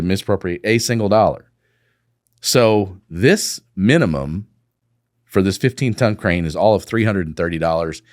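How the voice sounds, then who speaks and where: A man's voice: sits low, no echo, clean studio sound. A man, a company co-founder, telling a business story in a casual interview, laughing and acting out the dialogue. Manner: animated, laughing, acts out quoted dialogue.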